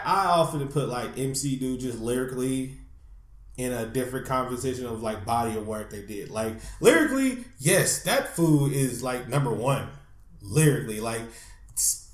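A man's voice: mid-range voice, expressive, normal speed, reverberant. A man co-hosting a casual podcast chat, joking, laughing often and swearing freely. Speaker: podcast co-host.

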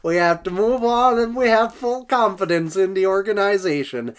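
A man putting on a hockey player's voice in a wandering mock Swedish accent, higher and louder than his usual voice. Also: moderate pace, smooth, close to an everyday voice. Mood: mock-earnest. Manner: mock accent sliding between Swedish, Italian and Minnesotan.

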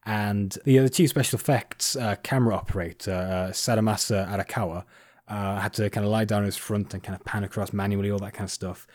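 Low-voiced man explaining on a podcast. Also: fairly even intonation, quick pace, darkish tone, no echo, studio quality. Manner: rambling, many fillers and restarts. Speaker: podcast host. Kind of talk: casual chat.

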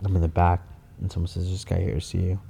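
A man's voice: sits low, quick pace, gravelly, breathy edge. A man who builds cars and runs a shop, talking casually and telling stories full of swearing. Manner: animated storyteller, swears a lot. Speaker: car builder and shop owner. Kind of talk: casual podcast chat.

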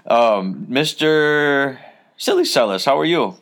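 A man hosting a casual wrestling podcast, telling a long story in a relaxed, rambling way with many fillers. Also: medium pitch, slow. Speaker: podcast host.

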